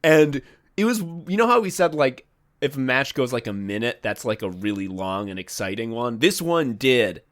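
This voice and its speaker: Animated profane man chatting on a podcast. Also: medium pitch, normal speed. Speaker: podcast co-host. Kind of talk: casual podcast chat. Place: separate rooms from co-host.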